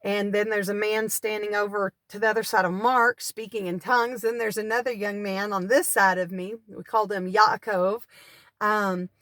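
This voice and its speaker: A woman telling a personal deliverance testimony in an earnest, animated storytelling way, speaking from a parked car. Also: medium pitch, normal speed, dry recording, studio quality. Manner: earnest, animated storyteller who acts out cries. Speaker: deliverance minister.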